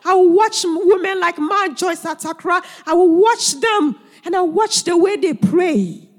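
Woman preacher, high voice, unhurried, emphatic questions, church hall reverb. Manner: earnest, emphatic rhetorical questions. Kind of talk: sermon.

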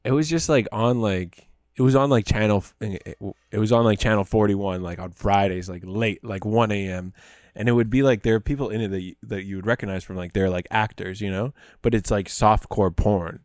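A young man with a fairly low voice rambles through casual podcast banter, piling up filler words and crude jokes. His voice sounds close and dry, with no room around it. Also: fairly quick, a little mellow, dry recording. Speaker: podcast co-host. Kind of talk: casual comedic chat.

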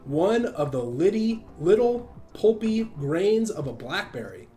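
A man's voice: high voice, big pitch swings, a little slow, mellow, soft background music, pitched above the performer's own voice. A man reading the part of a pompous elderly male doctor who lectures emphatically. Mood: lecturing.

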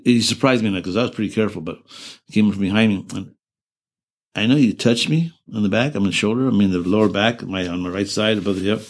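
A man in his seventies being interviewed, recalling events in a halting way with many restarts and self-corrections, earnest and emotional. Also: deep voice. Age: 70s. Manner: earnest and emotional while recounting. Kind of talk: oral-history interview recollection.

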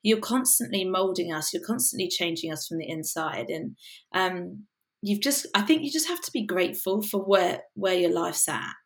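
A woman's voice: on the low side, expressive, normal speed, gravelly. A woman from the UK, a worship musician, talking earnestly and casually in a podcast interview, with many fillers.

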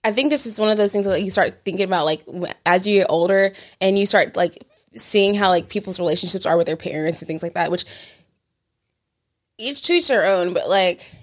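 A woman's voice: mid-range voice, brisk. Young woman, co-host, loose conversational delivery, casual cursing, filler-heavy. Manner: swears freely, lots of "like" fillers. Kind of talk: casual chat.

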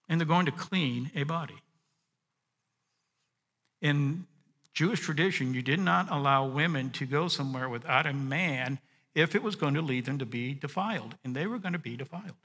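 Bright-voiced man preaching a sermon. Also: on the high side, husky, big-room sound. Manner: expressive, swinging from hushed to emphatic. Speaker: pastor.

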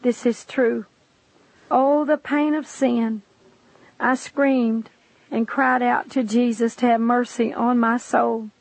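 A woman's voice: fairly high pitch, flat delivery, slow, vocal fry, darkish tone, dry recording. Impassioned woman reading her testimony. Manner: impassioned, addresses the listener directly. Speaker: narrator giving a testimony. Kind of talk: dramatic first-person testimony reading. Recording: dull lo-fi dry recording.

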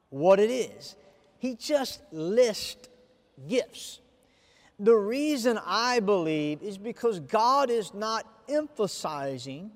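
A man preaching a sermon to viewers, with a deliberate, emphatic delivery. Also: high-pitched, big-room sound. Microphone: camera recording of a speaker addressing viewers.

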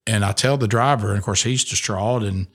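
A man's voice: on the low side, brisk, fairly bright tone, husky. A middle-aged man, a radio host telling an emotional personal testimony in an earnest way, full of restarts. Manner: earnest storytelling with many restarts.

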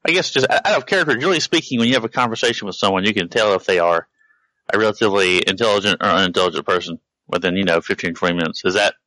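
Male player, mid pitch, bright tone, dry sound; loose, rambling planner. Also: racing, dry recording, rough recording. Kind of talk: tabletop role-play chat.

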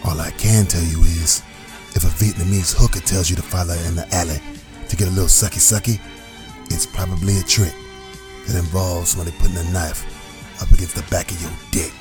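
A man playing a crude, deep-voiced war veteran. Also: steady tone, a little fast, music in the background, natural voice. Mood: boastful gruff. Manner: gravelly drill-sergeant bravado, crude war stories. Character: gruff grizzled male army veteran, boastful and crude. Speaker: parody safety-ad soldier.

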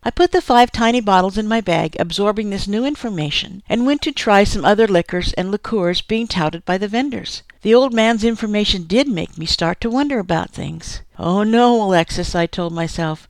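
A woman giving a steady first-person audiobook narration, recorded close in a studio. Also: medium pitch, dry recording. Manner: steady storytelling.

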